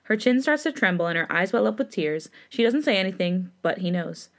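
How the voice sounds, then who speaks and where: A woman podcast host narrates fan fiction in a steady third-person read, slipping into laughing asides. Her voice sits mid-pitched. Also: fairly quick. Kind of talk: reading fan fiction aloud.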